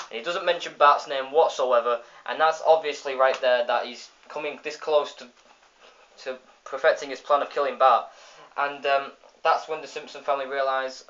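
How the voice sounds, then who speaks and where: A man's voice: medium pitch, a little fast, a bit bright. A man giving a casual spoken review of a cartoon episode, retelling the plot in a rambling way with many restarts and fillers. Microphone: phone. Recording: dull lo-fi phone recording.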